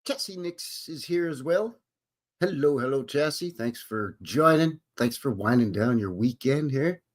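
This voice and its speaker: A man's voice: medium pitch, lively intonation, a little slow. A Canadian man hosting a casual live stream, rambling and joking as he greets viewers by name. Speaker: livestream host.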